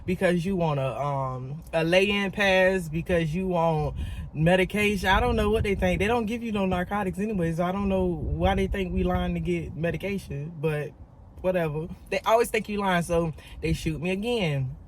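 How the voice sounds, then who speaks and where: A woman's voice: on the low side, normal speed. Woman doing a storytime vlog, really emphatic, talks right to the camera, bit of faint noise behind. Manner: emphatic, talks straight to viewers; animated, repeats words for emphasis. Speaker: vlogger.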